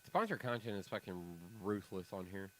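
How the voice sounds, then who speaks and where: A man with a lowish voice at normal speed co-hosts a casual podcast chat, heard through poor audio. He's an animated storyteller who acts out quoted voices and swears freely and often.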